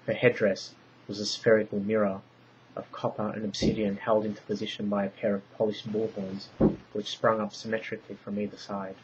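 A low-voiced man reads a story aloud in a measured, descriptive way. The recording is dull and lo-fi, with a faint hiss behind him. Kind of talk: scripted narration.

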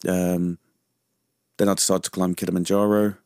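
The same London veteran, now in a low-pitched, darkish voice with a level tone and normal speed, chats away in a radio studio interview. Laughter comes often, as does his habitual "you know what I mean?", and the clean studio sound carries no room noise.

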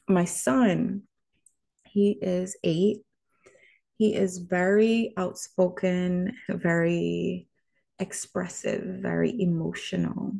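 A woman vlogger giving a reflective word-of-the-day talk, speaking directly to the viewer in a measured way. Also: lowish voice, creaky, dark tone.

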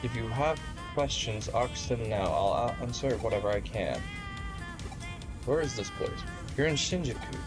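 Guy reading as a chill low-voiced lady detective, measured, game music going behind. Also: lightly acted. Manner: measured, thoughtful reading, stumbles on the script. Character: calm, composed adult female detective. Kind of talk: reading game dialogue aloud.

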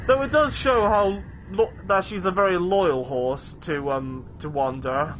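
A man's voice: high voice, a little slow, dull audio, slight background noise. A young man casually commenting while playing a video game, chatty and rambling, often restarting his sentences. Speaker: let's play gamer.

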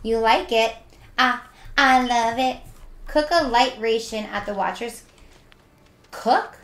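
A woman's voice: a little high, takes it slowly, echoey room. A young woman streaming a game, chatting casually and playfully with her viewers as she reads their messages aloud.

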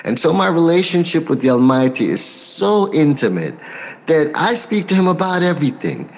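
An American man talks through an interview as a record producer. He is measured and unhurried, pausing often with soft fillers, yet stays forthright and outspoken. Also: a little high, big pitch swings. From United States. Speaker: record producer and label owner. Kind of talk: interview answers.

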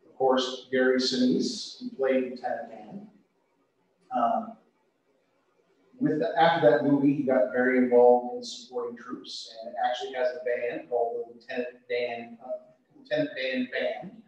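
Man guiding a yoga class, echoey room. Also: mid-range voice. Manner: relaxed, unhurried cueing with frequent uh fillers. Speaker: yoga instructor. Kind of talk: yoga class instruction with trivia. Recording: echoey, distant, dull studio audio.

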